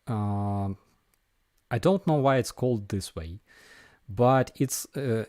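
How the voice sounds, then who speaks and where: A man's voice: on the low side, slow, warm tone, no echo, clean studio sound. A man with a Ukrainian accent hosting a casual live viewer Q&A, hesitant with many fillers and restarts.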